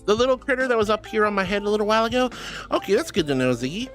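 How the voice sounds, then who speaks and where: A woman streamer chats casually with her audience, bubbly and affectionate as she reads messages aloud. Her pitch swoops up and down freely, and faint music plays underneath. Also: big pitch swings, rapid-fire. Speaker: streamer reading chat. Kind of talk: casual live-stream chat.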